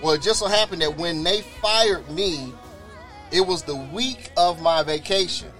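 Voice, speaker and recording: A man with a somewhat high voice tells his own story in a loose, spoken testimony style. He brings the story to life by acting out what others said, and he often repeats words and starts over mid-sentence. Faint music plays softly behind him. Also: a little slow. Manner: animated, acts out others' voices in quoted dialogue. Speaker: storyteller sharing a personal testimony.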